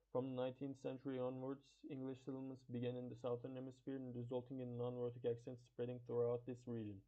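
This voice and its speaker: Man, first language Turkish, halting class presentation, fillers and restarts, flat delivery, tinny phone-like sound. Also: medium pitch.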